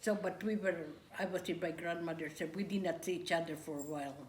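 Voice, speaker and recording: An older woman, recalling her memories in an interview, talking haltingly with restarts and pauses. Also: lowish voice, fairly even intonation, a little hiss or hum. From Philippines. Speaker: grandmother recounting wartime memories. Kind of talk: oral history interview. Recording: echoey room, faint ambience.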